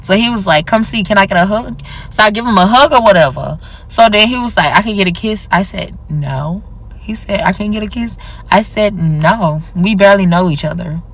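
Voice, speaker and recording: A woman's voice: fairly quick, slightly rough. A young woman telling a personal story casually, acting out the dialogue with big jumps in her voice. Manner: animated, acts out quoted dialogue with big pitch jumps.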